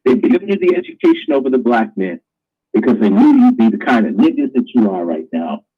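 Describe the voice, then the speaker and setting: A man's voice: medium pitch, wildly swooping pitch, brisk, slightly rough, phone-quality sound. A man hosting a live online talk show, ranting in a crude, preachy way. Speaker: host.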